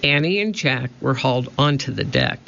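A man narrating a children's storybook with slow, measured reading. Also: medium pitch, big pitch swings, creaky, sharp tone, slight background noise. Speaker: audiobook narrator. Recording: dull lo-fi recording.

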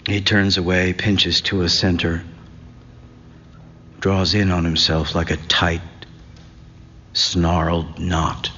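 A man reading literary fiction aloud in a slow, measured, reflective way, his voice at an ordinary pitch. The recording is dull and slightly muffled, and a long reverb trails behind each phrase. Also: level tone, bright, forceful tone, a little hiss or hum. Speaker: narrator.

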